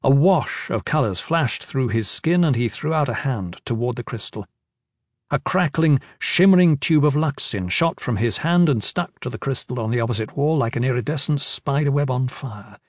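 A man reading fantasy fiction as an audiobook narrator in a measured, steady way. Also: mid-range voice, no echo, clean studio sound. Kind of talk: scripted narration.

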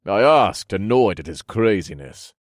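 Male narrator, deep voice, unhurried, fantasy audiobook, dry close mic. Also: very animated, no echo.

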